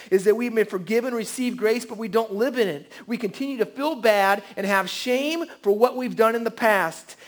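High-voiced pastor preaching earnestly. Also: male voice. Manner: earnest, swings from quiet to emphatic. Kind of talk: sermon. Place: church service. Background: faint band guitar.

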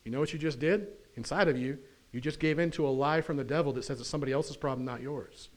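Pastor preaching in church, kinda high voice, chatty, keeps asking the room questions. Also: male voice, fast talker. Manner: conversational, asks the congregation questions. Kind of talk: sermon. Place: church sanctuary.

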